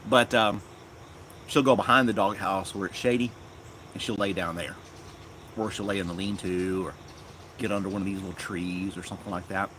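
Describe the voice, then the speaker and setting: A man chatting casually on a live stream in his yard, rambling and unhurried, talking fondly to his dog. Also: low-pitched, steady tone, a bit bright, a little hiss or hum. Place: outdoors in a yard.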